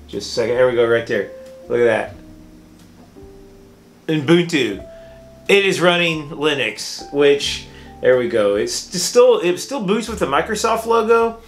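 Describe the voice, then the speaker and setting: A man's voice: a little high, lively intonation, unhurried, pauses often, faint music behind. A man, a vlogger and art teacher, telling a frustrated story in a casual, rambling monologue with many restarts, recorded indoors under a beauty light.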